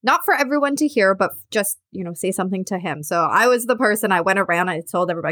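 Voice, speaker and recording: A young adult woman tells her story in a lively, swooping voice, candid and animated, and brings the people in it to life as she quotes them. The sound is dry, with no room echo. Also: medium pitch, rapid-fire, hardly any pauses. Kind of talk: personal storytelling.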